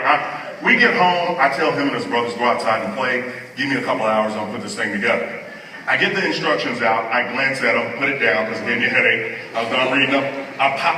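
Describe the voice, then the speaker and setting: Animated man telling a comic story, echoing hall. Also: a little high, recorded from a distance, slight background noise. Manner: animated, rising to mock outrage. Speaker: conference speaker. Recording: echoey hall, speaker heard from afar.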